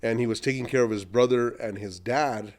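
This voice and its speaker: A middle-aged man, an entrepreneur, telling long animated anecdotes in a podcast interview and acting out what other people said. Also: medium pitch, brisk. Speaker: entrepreneur guest.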